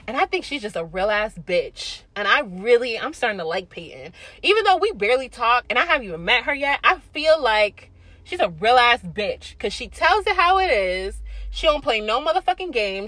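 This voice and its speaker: A young adult woman telling a casual story to her camera, blunt and animated, swearing freely. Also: a little high, low-quality recording. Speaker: vlogger.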